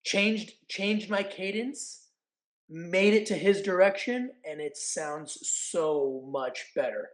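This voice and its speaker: A man in his forties from California, a guest telling stories in casual chat, acting out quotes with animated energy. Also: high-pitched, takes it slowly, rough recording. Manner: animated, acts out quotes and announcer calls. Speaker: podcast guest, actor and event announcer. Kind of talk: casual storytelling.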